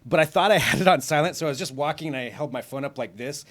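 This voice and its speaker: A man's voice: fairly high pitch, quick pace, fairly bright tone. A man hosting a tech round-table podcast, chatting casually, laughing easily and poking fun at himself. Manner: laughing easily, self-deprecating. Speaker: podcast host.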